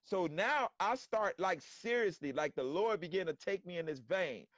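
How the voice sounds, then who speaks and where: A man telling a story in casual slangy talk on a live stream, animated and acting out quotes. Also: high-pitched, normal speed, no echo, highs cut off. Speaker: guest storyteller.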